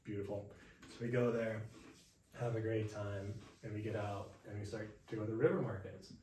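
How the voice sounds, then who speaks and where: A young man hosting a podcast, telling a travel story in a relaxed chat at home and acting out the people he met. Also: lowish voice, moderate pace. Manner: animated, acts out quoted voices. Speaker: podcast host. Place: indoors at home. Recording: echoey room, mic far off, faint hiss.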